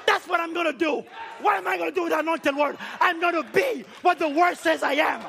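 A man preaching a fiery sermon, shouting repeated rhetorical questions and dropping to quiet low passages. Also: a little fast, gravelly, some chatter behind.

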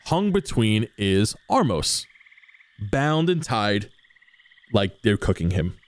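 Lively young man running a tabletop game. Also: on the low side, slow pace. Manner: casual, lively, swearing, with fillers. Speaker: game master.

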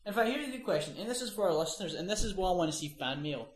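A man at an ordinary pitch, hosting a loose comedy podcast and retelling a film scene by scene. He rambles, restarts, and drops his voice low for the quoted lines. The room around him is echoey. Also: animated, rapid-fire. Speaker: podcast host.

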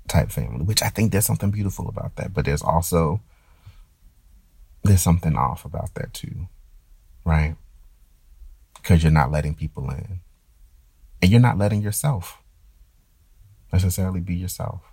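A very low-voiced man with a gravelly, husky edge, speaking in a dry, close recording. He muses through a personal monologue in a halting way, stammering and circling back as he searches for words. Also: mellow, no room sound. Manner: hesitant, restarts and stammers. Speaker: performer.

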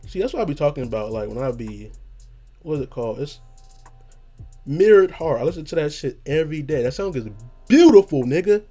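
A man's voice: fairly high pitch, animated, fairly quick, mellow, faint music behind. A young man hosting a podcast in casual chat, rambling in slang, swearing freely and trailing off as he hunts for words. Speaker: podcast host.

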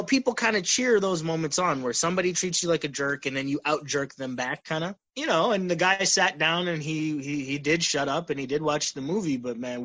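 A man's voice: on the high side, a bit bright, dry recording, highs cut off. A young man telling stories in a casual, earnest talk, acting out the quoted exchanges. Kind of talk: casual conversational storytelling.

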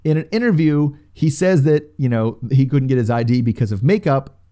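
A man's voice: mid-range voice, expressive, moderate pace, mellow. A man co-hosting a casual podcast, rambling through a recap of a reality show episode. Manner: rambling, retells scenes with quoted voices. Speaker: podcast co-host.

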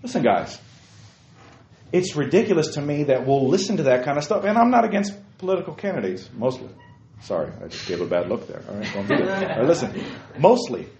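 A man hosting casual opinion talk, emphatic, swinging from quiet explaining to loud bursts. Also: on the high side, sing-song, brisk, slight background noise. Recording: roomy, dull lo-fi sound.

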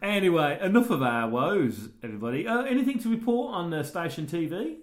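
A man's voice: fairly high pitch, very animated, a little fast. A man co-hosting a film podcast in casual chat, rambling and self-mocking with lots of fillers. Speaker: podcast co-host. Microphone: portable recorder. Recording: echoey room on a portable recorder.

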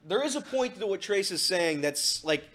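A male sports talk co-host with a high voice talks through an argument in a studio. He reasons aloud and hedges as he weighs both sides. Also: lively intonation, moderate pace, a bit bright.

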